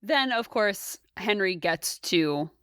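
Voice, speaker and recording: A woman's voice: medium pitch, slow pace, smooth, dry recording, clean studio sound. A young woman co-hosting a podcast, chatting casually and retelling scenes with lots of laughter. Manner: giggly, animated retelling. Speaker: podcast co-host. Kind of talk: casual chat.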